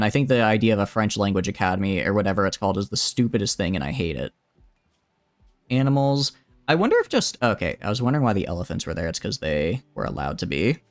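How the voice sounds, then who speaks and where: A man's voice: lowish voice, dry recording. A man streaming a game live, answering chat and thinking aloud in a rambling, wry way with lots of fillers. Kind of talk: live-streamed gameplay commentary, reading chat.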